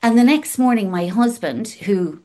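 A woman's voice: on the high side, animated, measured pace, dark tone. A middle-aged woman speaks in a candid, conversational way. She is emphatic and frank, drops the odd swear word without fuss, and stacks her points into rhythmic lists. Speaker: guest in recovery.

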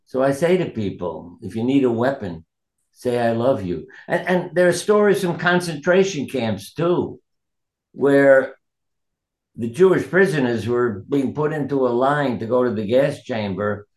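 A man's voice: mid-range voice, animated, unhurried, echoey room. A man, a doctor and author, telling earnest stories from his practice in an interview and quoting the people in them. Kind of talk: reflective interview storytelling.

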